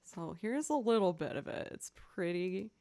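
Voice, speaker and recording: A woman's voice: on the low side, lively intonation, moderate pace, gravelly, dark tone. A woman chatting casually with viewers on a live stream, playful and goofy. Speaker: streamer and violinist.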